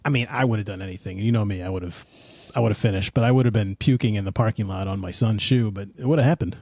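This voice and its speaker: A man's voice: on the low side, fast, a little mellow, no echo, studio quality. A middle-aged man hosting a podcast, telling a rambling, self-mocking story in casual chat. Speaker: podcast host.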